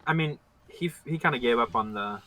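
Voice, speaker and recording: A man's voice: mid-range voice, fairly quick, sharp tone, low-quality recording. A man playing in a tabletop game, talking casually with hesitant fillers. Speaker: player.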